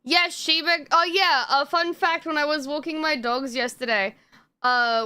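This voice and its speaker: A woman's voice: high voice, steady tone, moderate pace, sharp tone, slight background noise. A woman streamer chatting casually on a live stream, rambling with lots of fillers and frequent swearing.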